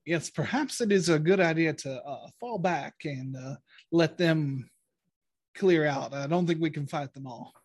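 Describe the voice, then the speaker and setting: A man's voice: fairly high pitch, a little slow, husky. A man doing a hesitant, cautious ally. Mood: thoughtful. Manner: hesitant, full of ums and uhs. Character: cautious man ally who knows the cultists.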